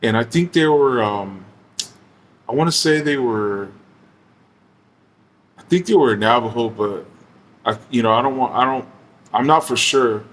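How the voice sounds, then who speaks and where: A man of average pitch recounts a story in a loose, easygoing way, peppering it with slang, curses and "you know"s. He talks like he's hanging out with friends, and a faint hiss of noise sits under his voice. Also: measured pace, long pauses, a bit bright. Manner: laid-back, slangy and profane, heavy use of fillers. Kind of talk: casual storytelling.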